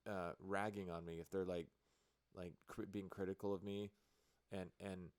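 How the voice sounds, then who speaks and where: A man who is the guest, gently prompting with questions and using filler words in a casual chat. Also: deep voice, level tone, moderate pace, dry recording, studio quality. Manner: coaxing, prompting questions, uses "like" and "you know". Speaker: podcast guest, teacher.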